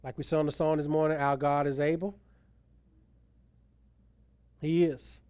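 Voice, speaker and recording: A pastor preaches with emphatic swells, his voice slightly high and smooth. The sound is close and dry, with little room around it. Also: level tone, a little slow, darkish tone, no echo. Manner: emphatic preaching, voice rising and falling for stress. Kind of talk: sermon.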